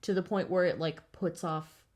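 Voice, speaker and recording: A woman's voice: fairly low pitch, steady tone, normal speed, a little mellow. A woman co-hosting a podcast, chatting casually about a movie, mostly agreeing and adding thoughtful points. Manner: agreeable, short replies, thoughtful. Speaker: podcast co-host. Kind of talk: casual chat, movie review.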